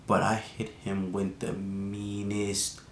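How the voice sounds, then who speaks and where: A young man telling a casual storytime vlog, slangy and animated, with lots of fillers. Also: slow pace. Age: young adult. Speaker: vlogger. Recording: echoey room with faint rumble.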